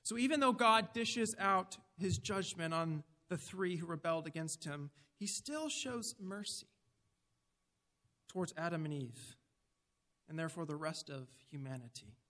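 High-voiced preacher in a reverberant hall. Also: male voice, lively intonation, unhurried, bright, forceful tone. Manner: earnest, emphatic, asks the listeners direct questions. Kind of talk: sermon.

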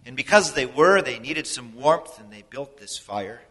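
A man preaching a sermon in an earnest, explanatory way, his loudness rising and falling for emphasis. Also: mid-range voice, expressive, normal speed. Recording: long hall reverb.

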